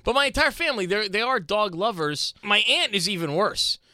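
A man's voice: sits high, normal speed, no room sound, studio quality. A man co-hosting a casual talk show, telling stories and laughing. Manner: animated storyteller, laughs a lot. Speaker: co-host. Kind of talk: casual chat.

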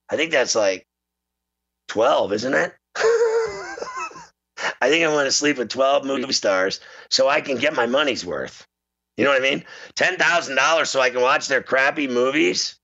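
Male show host, animated comic storyteller, raspy edge, slightly dull recording. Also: mid-range voice. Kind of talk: casual comedic rant. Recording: slightly muffled lo-fi sound.

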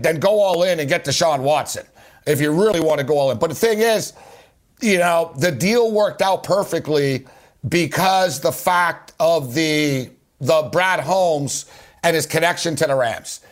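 A male sports talk radio host with a fairly high voice, talking fast and with animation. He argues his football takes hard and keeps calling his guest by name.

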